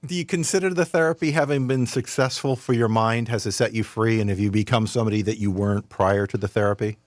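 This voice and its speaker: A man's voice: on the low side, fairly even intonation, fast talker, no room sound. Man, radio co-host, dry close sound, wisecracking, casual banter.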